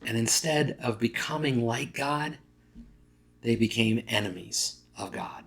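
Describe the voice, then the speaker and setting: A pastor preaching a sermon in a conversational way, sometimes correcting himself mid-word and acting out quoted lines. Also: male voice, mid-range voice, lively intonation, measured pace, creaky, fairly bright tone.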